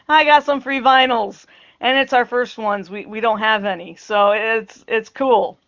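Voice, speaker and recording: A woman's voice: on the high side, fairly even intonation, extremely slow, pauses often, fairly bright tone, muffled recording. A middle-aged woman talking to camera in a rambling, casual way, often breaking into laughter and trailing off into asides. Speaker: vlogger. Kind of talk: casual chat.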